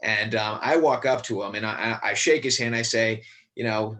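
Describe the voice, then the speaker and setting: A man's voice: on the low side, fairly even intonation, normal speed, sharp tone. A man guesting on a podcast, chatting casually about acting and horror films, rambling with many fillers and restarts. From Connecticut. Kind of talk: casual chat.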